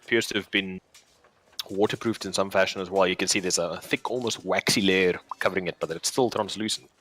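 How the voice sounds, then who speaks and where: A man's voice: sits low, steady tone, brisk, fairly bright tone. A man narrating as game master of a tabletop game, with many hesitant fillers.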